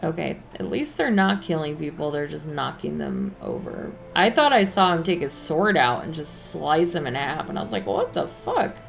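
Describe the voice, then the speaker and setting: A woman on a gaming stream chats casually between lines of game dialogue and swears freely. Her voice is low and gravelly. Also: wildly swooping pitch, normal speed, hardly any pauses, soft background music. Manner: casual, swearing, reading game text aloud.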